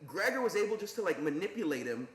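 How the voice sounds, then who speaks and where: A man co-hosting a podcast, chatting about fights in an animated way. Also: fast, roomy sound, a crowd in the background. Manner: animated, swings pitch wide when mimicking. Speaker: podcast co-host. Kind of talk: casual chat.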